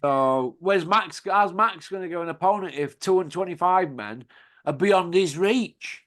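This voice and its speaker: A man's voice: high-pitched, measured pace, a bit bright. A man, hosting a casual chat and telling rambling, laughing anecdotes with plenty of swearing. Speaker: podcast host.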